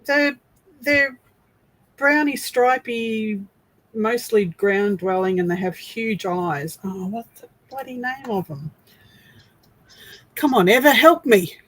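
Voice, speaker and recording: Husky Australian woman, chatty co-host. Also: a little high, slow, pauses often, poor audio. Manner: chatty, gropes for words aloud. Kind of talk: casual chat.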